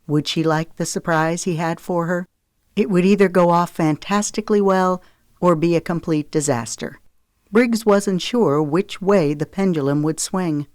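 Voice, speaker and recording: A woman narrating a romance audiobook in a steady, expressive reading. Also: fairly low pitch, a little slow, dry recording, clean studio sound.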